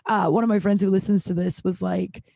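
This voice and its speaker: A woman hosts her solo podcast in a loose, rambling way, packing her stories with "like" and cheerful swearing. Her voice sits at an ordinary middle pitch. The recording is close and dry, with no room echo. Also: fairly even intonation, fairly quick, vocal fry, warm tone. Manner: rambling storytelling, heavy use of "like", frequent swearing. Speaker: podcast host. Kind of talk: casual solo podcast chat.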